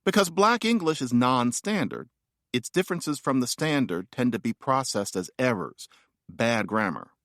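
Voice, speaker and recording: A man's voice: mid-range voice, expressive, normal speed, fairly bright tone, no echo, clean studio sound. A man reading his own nonfiction audiobook in a wry, playful, conversational way.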